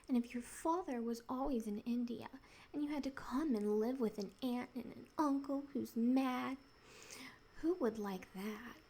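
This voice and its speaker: A woman's voice: a little high, a little slow, darkish tone, slightly rough. A woman voicing a sulky, upset young boy who sounds miserable and wound-up, in whispered role-play.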